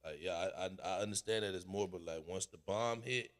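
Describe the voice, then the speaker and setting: A man's voice: low voice, brisk, a bit bright, big-room sound. A man hosting a casual song review, blunt and full of slang, calling everyone bro. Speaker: host reviewing submitted songs.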